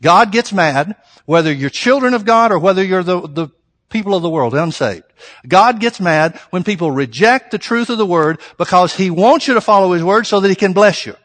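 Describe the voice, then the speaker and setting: A man preaching a sermon, reading scripture slowly and pressing his points with rhetorical questions to the congregation. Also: high voice, animated, fairly bright tone, in a large hall. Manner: reads scripture slowly and deliberately.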